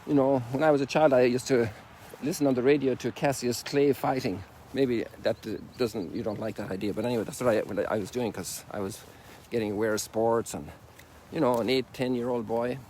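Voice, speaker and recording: An older Irish priest talks outdoors at a middle pitch, in a loose, rambling, homely way. His informal sermon drifts through folksy asides as he walks, caught on a phone with faint outdoor sound behind. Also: darkish tone, slight background noise. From Ireland. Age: 60s. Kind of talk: informal reflective sermon while walking. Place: outdoors on a sunrise walk.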